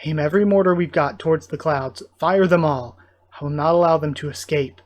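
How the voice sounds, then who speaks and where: A man's voice: fairly high pitch, fairly even intonation, fairly quick, natural voice. A man reading as a stern commander. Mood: commanding. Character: stern military commander ordering gunfire.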